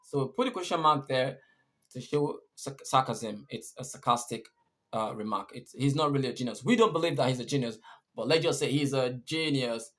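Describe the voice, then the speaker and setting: A man's voice: medium pitch, moderate pace, fairly bright tone. A man teaching English punctuation, patiently repeating and rephrasing each point. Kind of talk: explaining punctuation rules.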